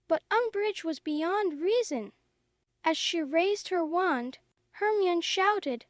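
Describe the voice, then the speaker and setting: A woman narrating a story in a slow, clear, even reading for English learners. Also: extremely high pitch, no echo, clean studio sound.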